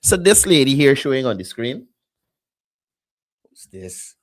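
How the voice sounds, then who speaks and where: Animated male talk host. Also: medium pitch, a little slow. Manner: animated, repeats phrases, creole grammar. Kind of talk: call-in talk show commentary.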